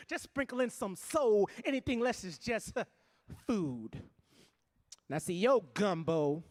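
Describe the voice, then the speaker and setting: New orleans guy doing spoken word on stage, really high voice, punchy rhythm. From New Orleans, USA. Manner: rhythmic, punchy delivery with sudden loud bursts. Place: live stage in a venue.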